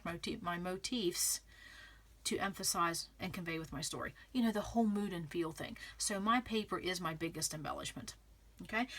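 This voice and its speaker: A woman's voice: medium pitch, a bit bright. Chatty woman crafting and thinking aloud. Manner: chatty, thinks aloud, frequent "okay?" check-ins. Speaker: craft vlogger. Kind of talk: casual crafting tutorial, talking while working.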